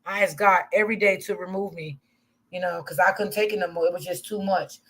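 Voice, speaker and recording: A woman's voice: on the low side, fairly even intonation, fairly quick, a bit bright, slightly rough. A woman hosting a casual livestream, talking candidly to her chat, swearing freely and laughing often. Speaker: livestream commentary host.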